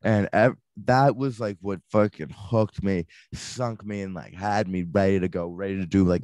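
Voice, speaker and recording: A man's voice: sits low, a little mellow, no echo. Young man, podcast host, casual chat, filler-heavy, dry close mic. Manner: filler-heavy, says "like" a lot.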